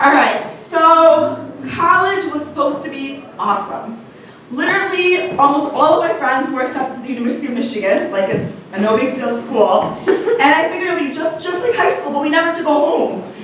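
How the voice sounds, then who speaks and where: High-voiced woman telling a story, echoey hall. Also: brisk, fairly bright tone. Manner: chatty, with "like" and "literally" often. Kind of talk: live personal storytelling. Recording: echoey hall from far off, faint noise.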